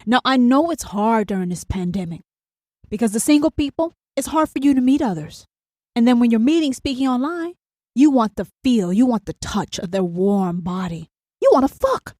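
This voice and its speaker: Brash, profane woman with a lively high voice. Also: normal speed, no echo, studio quality. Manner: blunt, profane and emphatic, asks "do you understand?"; acts out an inner angel and demon in quoted voices. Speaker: podcast host. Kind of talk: solo podcast monologue.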